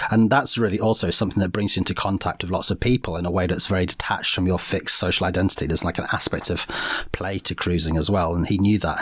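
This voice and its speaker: A man hosting a podcast, chatting casually through a history story with frequent fillers and a relaxed, rambling manner. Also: sits low, slightly rough, dry recording, studio quality. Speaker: podcast host.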